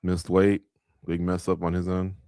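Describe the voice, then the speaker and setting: A man's voice: low voice, completely flat delivery, normal speed, mellow, clean tone, no room sound, studio quality. A man hosting a live watch-along of a fight night, breaking down the action in a loose, conversational way and speaking straight to the viewers. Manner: conversational, talks to viewers, lots of filler words. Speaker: radio show host.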